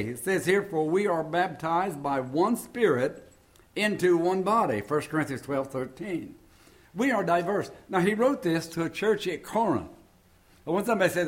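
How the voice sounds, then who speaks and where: An older man delivers a sermon with a folksy, joking touch, weaving scripture readings together with homespun stories. His voice sits a little higher than most men's. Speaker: preacher.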